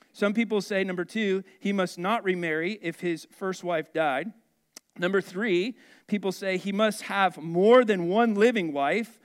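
A male pastor preaching a sermon in a conversational way, asking the congregation questions and adding humorous asides. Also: sits high.

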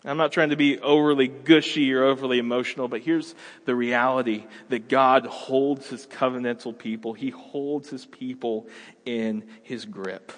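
A man in his thirties preaching a sermon as a pastor, conversational and animated, acting out everyday scenes. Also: mid-range voice, moderate pace, long reverb tail.

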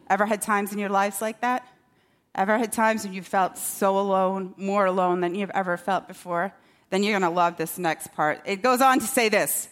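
In this stretch of the sermon her voice is mid-range and a bit bright, at normal speed. She stays conversational and self-mocking, checking in with listeners by asking "okay?".

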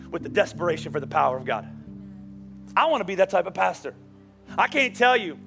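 High-voiced man preaching a lively sermon. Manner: animated, shifting from quiet storytelling to shouting. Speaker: pastor. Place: church sanctuary.

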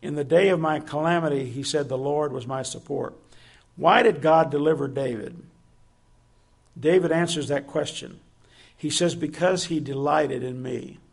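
A man's voice: fairly high pitch, gravelly. A man preaching a sermon, earnest and asking his listeners direct questions.

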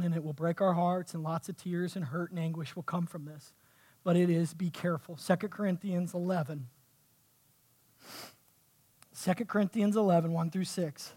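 High-voiced impassioned preacher. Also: male voice. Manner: impassioned preaching, swinging from soft to shouting. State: sweating. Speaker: pastor. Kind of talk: sermon. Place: church.

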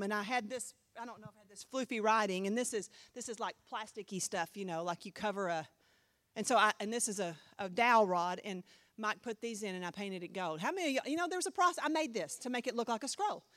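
A woman pastor teaching a Bible class in a chatty, animated way, often asking the class questions. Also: medium pitch, quick pace, no echo.

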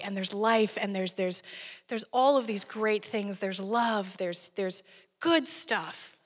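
A woman with a mid-range, slightly bright voice delivers a guest sermon, earnest and conversational, laughing now and then. The recording carries a long hall reverb.

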